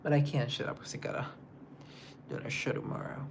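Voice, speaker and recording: This young singer reads viewer comments aloud in a meandering livestream chat, often trailing off into quiet side remarks. Medium-pitched and fairly flat, he talks a bit quickly with a gravelly edge, pausing often over slight background noise.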